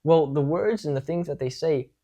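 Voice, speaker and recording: A man's voice: on the high side, normal speed, warm tone. Man explaining in a casual lecture. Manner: talks things through, demonstrating tones of voice. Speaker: social skills teacher.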